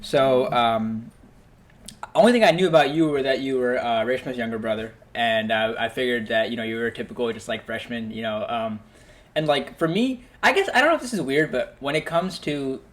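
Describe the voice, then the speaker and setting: A man's voice: mid-range voice, fairly quick. Young man telling stories with lots of fillers. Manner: animated storyteller, laughs often, many fillers. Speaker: podcast host. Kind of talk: casual podcast chat.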